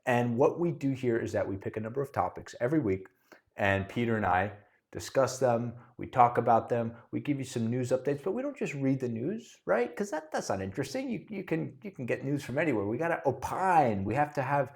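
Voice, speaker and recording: A man's voice: mid-range voice, lively intonation, fairly quick, creaky. A man co-hosting a casual podcast, chatty and opinionated, often restarting his sentences. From Miami. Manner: chatty, self-interrupting, opinionated. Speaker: podcast co-host, realtor.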